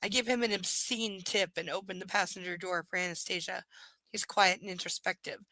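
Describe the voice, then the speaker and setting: A woman's voice: medium pitch, fairly even intonation, a little fast, bright, forceful tone, no echo, poor audio. A woman at home doing a live reading of a novel aloud, breaking off for wry, sarcastic asides. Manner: wry, sarcastic asides between read passages. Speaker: reader and host.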